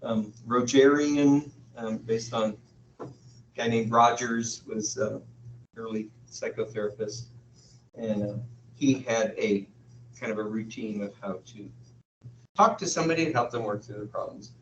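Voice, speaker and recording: Slow, halting male lecturer. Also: on the low side, slight background noise. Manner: halting, thinking aloud with frequent pauses. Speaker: university lecturer. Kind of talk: classroom lecture. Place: classroom. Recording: echoey, dull room sound from far off.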